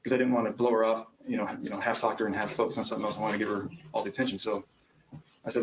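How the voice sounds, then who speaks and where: A man's voice: fairly low pitch, flat delivery, very fast, a little hiss or hum, poor audio. A young man testifying as a witness in court, recounting events hesitantly with frequent ums. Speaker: trial witness.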